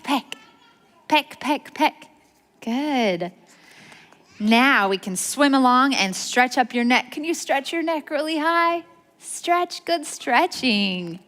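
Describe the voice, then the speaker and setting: A woman's voice: on the high side, fairly bright tone. A young woman reading a picture book aloud to children at a library storytime, coaxing them to join in with sounds and movements. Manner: sing-song, coaxing, leading children in call-and-response. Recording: reverberant library hall.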